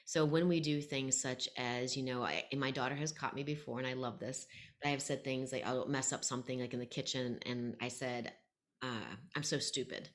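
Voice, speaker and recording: A woman's voice: rumbling low, steady tone, a little fast. A middle-aged woman educator talking in an interview, telling stories with animation and acting out quoted voices. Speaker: guest, educator. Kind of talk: podcast interview conversation.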